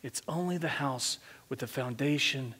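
A man's voice: medium pitch, moderate pace, sharp tone, husky. A male senior pastor preaching a conversational sermon, often asking the congregation questions. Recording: long hall reverb from a church sanctuary.

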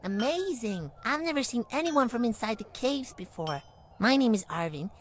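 A woman's voice: on the high side, animated, normal speed, slight background noise, natural voice. Woman voicing an awestruck young townsperson. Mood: awed.

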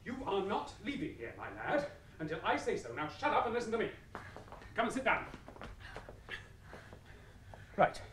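A man's voice: high voice, sing-song, fairly quick, noisy background. An actor playing a stern, hot-tempered male choirmaster in a radio drama, blunt and drilling in manner. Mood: threatening. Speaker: church choirmaster. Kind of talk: 1980s radio drama acting.

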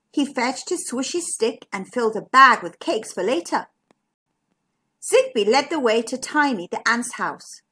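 Slow sing-song woman reading a picture book. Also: a little high, lively intonation, pushed and bright, slight background noise. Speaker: children's storyteller.

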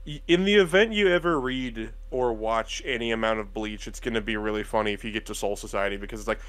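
A man's voice: on the low side, fast, a bit bright. A man chatting casually as a co-host, sardonic and joking, swearing freely. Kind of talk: casual podcast chat.

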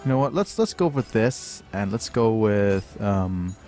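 Male game streamer, slow delivery, excitable yelps, lots of ums, faint music behind. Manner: excitable, bursts of high-pitched exclamations; thinks aloud with many fillers. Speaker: livestream host playing a game. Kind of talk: live gameplay commentary.

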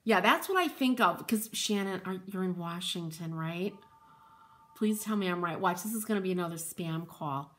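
A woman's voice: medium pitch, expressive, normal speed, a bit bright. A woman hosting a live painting demo, chatting with viewers and reading out their comments while she works, with playful asides and frequent laughs.

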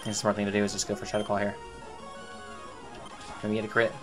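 A man's voice: lowish voice, completely flat delivery, fast, over music. A man giving casual gameplay commentary, thinking aloud, repeating himself and talking to his game characters. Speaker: gaming YouTuber.

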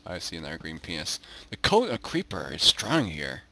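Man, very low voice, lively swoops in pitch, goofy let's-play commentary, faint hiss behind. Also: normal speed. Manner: goofy, talks to animals in the game. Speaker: gaming YouTuber.

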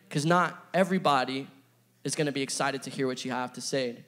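A man's voice: medium pitch, normal speed, fairly bright tone. A young man giving a casual, playful youth sermon, chatting with his audience and filling his talk with asides. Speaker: youth pastor.

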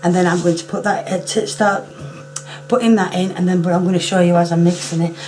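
A hoarse woman who is losing her voice talks casually through a home cooking demonstration. She often clears her throat and apologises. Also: on the low side, little pitch movement, brisk, darkish tone, soft background music.

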